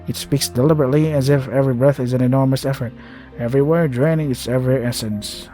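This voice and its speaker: A man reads out a visual novel and breaks in with sarcastic, swearing remarks. His voice is mellow and dark, sitting at a middle pitch. Faint game music plays behind him. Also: fairly even intonation, quick pace. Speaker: gamer playing a visual novel. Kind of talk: game reading with commentary.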